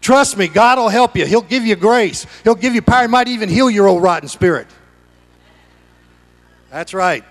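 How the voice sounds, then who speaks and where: Speaking at a moderate pace and pausing often, a high-voiced, middle-aged pastor gives a sermon in his sanctuary. His delivery ranges from hushed, conversational asides to loud, excited shouting as he urges on the congregation.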